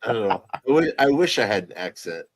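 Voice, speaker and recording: A man's voice: on the low side, sing-song, fairly quick, slight background noise. A man chatting as a guest on a live stream, joking around and swearing freely. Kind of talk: casual group chat on a live stream.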